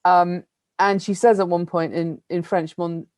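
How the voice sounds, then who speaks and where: Lively British academic woman, middle-aged, lowish voice, dry computer mic on a video call. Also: a little slow, no room sound. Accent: British English. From United Kingdom. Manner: lively, chatty, self-deprecating with little laughs. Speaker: lecturer. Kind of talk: academic plenary talk over video call.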